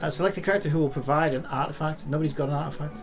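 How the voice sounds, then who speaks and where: Streamer, male, higher-pitched and gravelly, sweary, ranting at his game, with faint music behind. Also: racing. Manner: frustrated, swears a lot, rants at the game. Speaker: gaming streamer. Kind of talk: live gameplay commentary.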